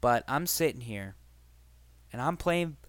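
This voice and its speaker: A man with a smooth, clear voice talks casually on his solo podcast, rambling loosely and cursing often. His pitch sits in the middle range, and the recording is dry and close. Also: lively intonation, measured pace, no room sound. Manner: rambling, profane, conversational. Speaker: podcast host.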